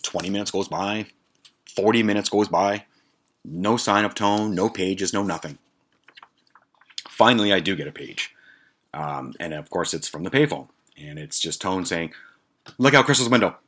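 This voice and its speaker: A middle-aged man with a very low voice tells a long, rambling personal story as a podcast host. He talks casually and swears freely, with restarts and asides. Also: normal speed, pauses often. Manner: profane, rambling, animated anecdote telling.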